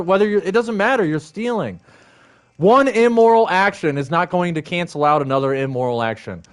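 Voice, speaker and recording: A man rants heatedly into his stream, swearing often and circling back to the same points. His voice sits a little high for a man. He keeps the same worked-up tone throughout. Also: fairly quick, clear, resonant tone. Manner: heated, profane, repetitive. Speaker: livestream host. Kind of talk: angry ranting monologue.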